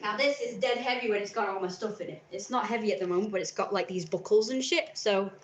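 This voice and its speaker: A bit of hiss or hum sits under this young woman's quick, mid-range voice. Chatting casually on her home live stream through a camera mic, the vlogger rambles, acts out scenes, and squeals suddenly.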